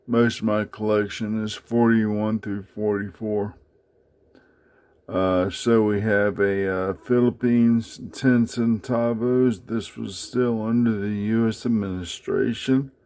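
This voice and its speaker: A man casually talking through his coin collection in a home vlog, halting with many fillers as he handles each piece. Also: lowish voice, fairly even intonation, a little mellow. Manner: unhurried, many fillers, speaks haltingly while handling items. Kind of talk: casual show-and-tell vlog.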